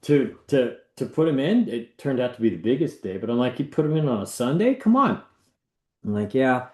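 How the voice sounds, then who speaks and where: Animated man telling a story in an echoey room. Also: mid-range voice, a little fast. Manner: animated, acts out the people he quotes. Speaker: real estate agent. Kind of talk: casual storytelling talk.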